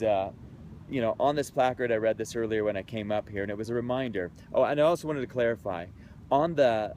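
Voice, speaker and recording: A man's voice: medium pitch, darkish tone, a little hiss or hum. A man in his thirties, a creativity speaker, telling a personal story in an earnest, heartfelt, conversational way outdoors in a city.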